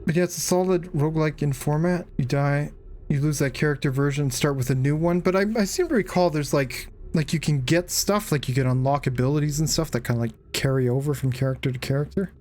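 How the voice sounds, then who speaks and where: A man's voice: on the high side, fast, darkish tone, a little hiss or hum. A tired man streaming a game live, chatting casually with rambling fillers and frequent swearing. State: tired, yawning. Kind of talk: casual live gameplay commentary.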